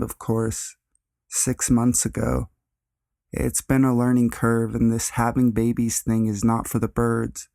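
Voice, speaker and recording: A young man reads a true scary story aloud as a narrator, in a deadpan, monotone way. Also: medium pitch, vocal fry, no echo, clean studio sound. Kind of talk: reading a horror story aloud.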